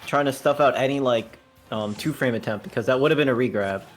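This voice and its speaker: A man giving casual color commentary on a fighting-game match, explaining plays in a relaxed way and laughing easily. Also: mid-range voice, fast, faint music behind. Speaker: esports co-commentator.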